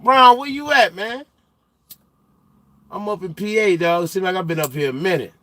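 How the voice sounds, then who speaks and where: A young male trucker hosting a casual livestream, chatting with viewers in loose slang and getting loud and animated as he teases the chat. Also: high-pitched, normal speed. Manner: loose slang-heavy banter, gets loud and animated when teasing chatters.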